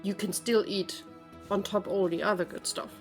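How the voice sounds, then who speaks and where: A woman plays her character in a tabletop role-play, speaking in a gentle, patient and reassuring way. Her pitch sits in the middle range, and faint music plays underneath. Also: fairly even intonation, normal speed. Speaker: player.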